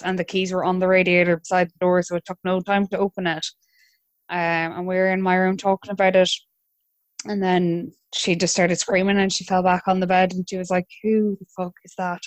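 Irish woman in her twenties, low voice. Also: no echo. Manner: hesitant restarts, relaxed chatty tone. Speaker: guest telling her story. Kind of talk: conversational storytelling.

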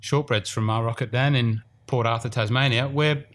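A man's voice: medium pitch, fairly even intonation, normal speed, a bit bright, a little hiss or hum. A man with an Australian accent hosting a golf podcast in casual, rambling chat, a bit self-deprecating. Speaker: podcast host. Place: studio room.

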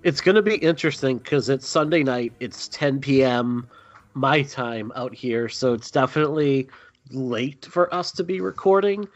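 A man's voice: mid-range voice, moderate pace, dry recording. Chatty male podcast host, dry dull mic. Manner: chatty, rambling with frequent ums. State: a little tired. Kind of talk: casual podcast chat.

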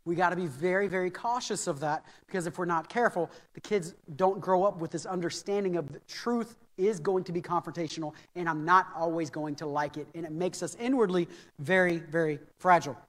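A man's voice: high voice, a little fast, fairly bright tone. An American man preaching a sermon as pastor, earnest and anecdotal, repeating key phrases for emphasis. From United States. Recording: reverberant hall.

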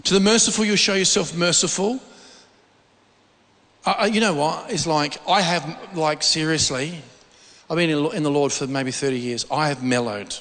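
Middle-aged male preacher, high and bright, informal, stumbles and restarts, echoing hall. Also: moderate pace. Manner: informal, repeats words while searching for phrasing. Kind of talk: conversational sermon. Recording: long reverb of a large hall.

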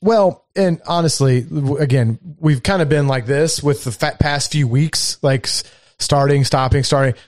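A man co-hosting a podcast in casual chat, animated and profane, often laughing. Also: on the high side, moderate pace. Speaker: podcast co-host.

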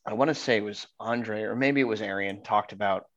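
A man's voice: on the low side, brisk, a bit bright, lo-fi sound. A man co-hosting a casual podcast, teasing his partner and joking, with lots of fillers and restarts. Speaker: podcast co-host.

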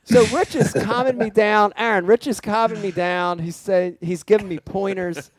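A man hosting a casual podcast, excitable and lively, who swears casually and calls people dude. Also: high voice, normal speed. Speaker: podcast host.

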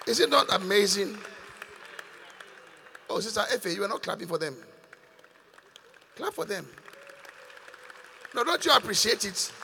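A man's voice: high voice, expressive, a little slow, gravelly, long pauses, pushed and bright, some chatter behind, a little hiss or hum. An older man, a bishop preaching to his congregation, questioning and scolding them in call-and-response. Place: large church hall. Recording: long reverb of a church hall.

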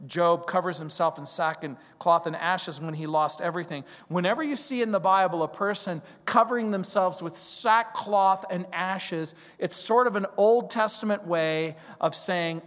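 Pastor with a fairly high voice, preaching in a hall. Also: male voice, normal speed, few pauses. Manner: animated, conversational preaching with emphatic repetition. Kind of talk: expository sermon. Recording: long hall reverb.

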